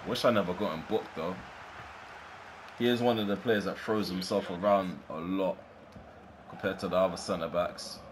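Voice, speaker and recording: A man giving live, excitable commentary over his own video game match, swearing and reacting as he plays. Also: sits low, moderate pace, pauses often, slight background noise. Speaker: gaming YouTuber.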